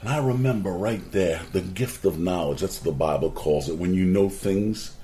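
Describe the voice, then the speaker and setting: A man with a low voice at a moderate pace tells his life story as a former garden center owner in a personal monologue. He's an animated storyteller whose voice jumps up sharply when he quotes people, with earnest, slightly preachy asides about life lessons.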